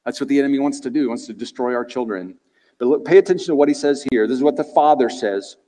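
A male preacher giving an expository sermon in a conversational, animated way, asking the listeners rhetorical questions. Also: medium pitch, quick pace. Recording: reverberant hall.

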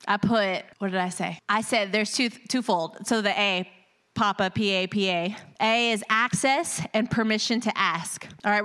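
Woman preacher, high voice, chatty sermon with laughing asides and scripture reading. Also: a bit bright. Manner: casual, laughing asides, calls on the congregation.

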